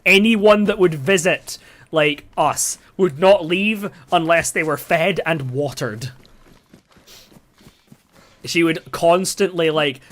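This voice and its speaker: A man's voice: fairly high pitch, measured pace, fairly bright tone. A young man from the UK chatting casually and rambling, with lots of fillers and swearing, while streaming a game. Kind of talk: casual storytelling while gaming.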